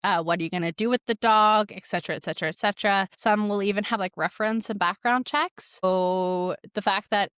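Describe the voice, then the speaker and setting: A woman's voice: mid-range voice, fairly quick, hardly any pauses, a bit bright, clear, resonant tone, no echo. Young woman dog trainer rambling casually, lots of "like", dead dry recording. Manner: chatty, frequent "like", amused asides. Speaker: dog trainer and podcast host. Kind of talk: casual commentary reading online posts.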